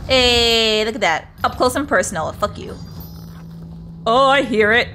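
A woman's voice: fairly high pitch, unhurried, bright, forceful tone, slight background noise. A woman streaming a video game, chatting to herself and her viewers and swearing often as she plays. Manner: chatty, swears a lot, talks to herself and chat. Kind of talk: casual gameplay commentary.

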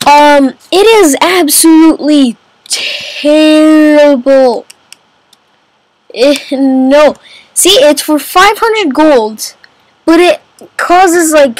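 A woman's voice: sits high, poor audio. A woman giving casual let's-play commentary on a kingdom game, chatty and exclaiming, calling everyone man and dude. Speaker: gamer playing a kingdom game.

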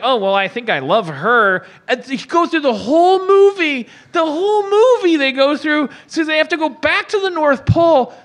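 A man's voice: extremely high pitch, a bit bright. A middle-aged man ranting comedically about a movie on a podcast, swearing and mimicking characters.

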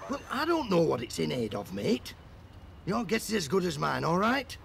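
An actor playing a coarse working-class gravedigger, trading gruff, crude banter on location. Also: male voice, sits high, sing-song, normal speed, a crowd in the background, exaggerated voice. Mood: fed up. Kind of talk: film acting. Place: outdoors on location. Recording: echoey location sound from a distance.

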